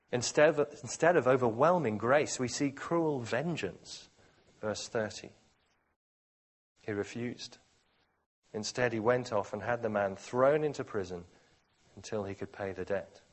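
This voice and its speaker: A man preaching a sermon, dramatically shifting between quiet, slow phrases and loud, forceful ones. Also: fairly low pitch.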